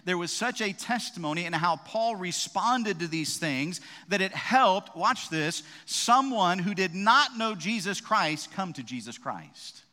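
A man's voice: sits high, animated, measured pace, hardly any pauses, sharp tone. A man preaching a sermon as a pastor, in a conversational style with frequent "right?" asides and restarts. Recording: long reverb of a large hall.

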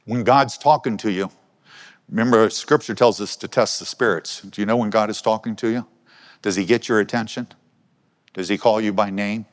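In a church hall, a man delivers a conversational sermon, asking the congregation questions as he goes. His voice is fairly low and steady in tone, at a moderate pace, and the recording carries a long hall reverb.

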